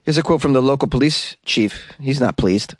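Male comic host, sarcastic news riffs, mid pitch, dry close mic. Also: normal speed, no room sound. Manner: sarcastic, riffing with asides. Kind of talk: comedic news commentary.

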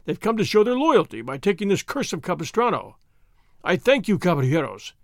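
A man's voice: high voice, big pitch swings, fairly quick, dry recording, studio quality. A man voicing a pompous, flustered governor in an audiobook reading, blustering as he talks.

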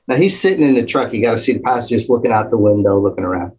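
A man telling a lively anecdote in casual conversation, acting out the quotes. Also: mid-range voice, rapid-fire, breathy edge, poor audio. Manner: animated storytelling, acts out quotes. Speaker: storyteller, former police officer.

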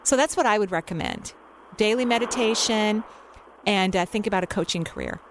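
A woman's voice: mid-range voice, slight background noise. Encouraging woman giving spiritual advice. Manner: soothing, encouraging, unhurried with many fillers. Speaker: intuitive radio show host giving readings. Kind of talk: call-in radio advice.

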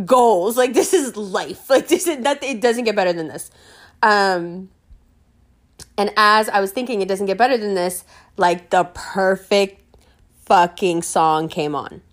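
A young New York City woman tells a story in casual chat, animated and laughing a lot, with plenty of fillers and swearing. Her voice sits in the mid-range.

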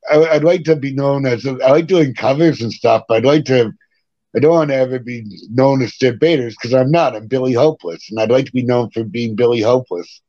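A middle-aged man, a punk rock singer, talks with a podcast host in an animated, casual way, cussing and chuckling as he tells tales. His voice sits at an ordinary pitch for a man. The recording is dry and dull, with a muffled lo-fi tone. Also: fairly quick, no room sound. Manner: animated, swears, laughs between stories. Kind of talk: casual interview storytelling.

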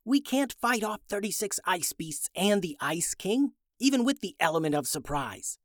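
A man's voice: sits high, big pitch swings, moderate pace, a bit bright, no echo, clean studio sound, voice pushed up. A man doing a cheeky boy ninja. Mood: urgent. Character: cheeky young male ninja brother.

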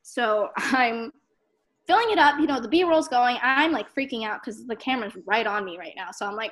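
A woman's voice: on the high side, lively intonation, moderate pace, fairly bright tone. A young woman telling stories as a podcast guest, chatty and giggly, full of "like". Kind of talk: casual storytelling.

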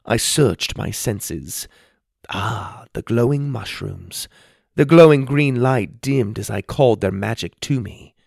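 Man, expressive storybook narrator, gravelly, dry studio sound. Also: medium pitch, takes it slowly, dry recording. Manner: expressive first-person storytelling. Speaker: audiobook narrator.

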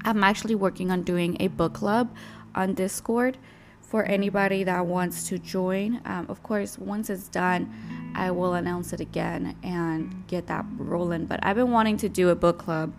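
A woman's voice: on the low side, steady tone, normal speed. A young woman hosting a casual solo podcast, telling a personal story in blunt, slangy, profane talk. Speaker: podcast host. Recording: guitar music playing under the voice.

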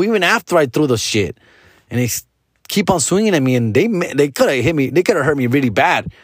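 A man's voice: mid-range voice, slightly rough, dry recording, studio quality. A man in his forties telling a personal story in casual, profane slang, switching between English and Spanish. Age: 40s.

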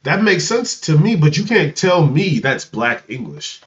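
Podcast co-host, male, higher-pitched, incredulous debater, muffled audio. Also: unhurried. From Africa. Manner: animated, incredulous, repeats words when starting.

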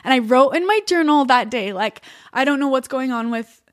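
A woman's voice: high voice, lively intonation, normal speed. A young woman talking as a podcast guest, telling a personal story in an emotional, chatty way, full of "like" and quoted thoughts.

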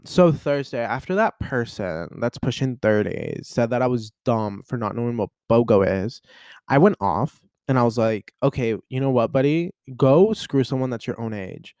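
A young man in his twenties rambles through a casual solo podcast, stacking up fillers as he vents. His pitch swings a great deal and leaps up when he gets worked up. The recording is dry and close, with no room sound. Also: darkish tone, dry recording. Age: 20s. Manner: rambling and chatty, full of "like" and "you know" fillers; emotional and venting, with sudden jumps in pitch. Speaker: podcast host.

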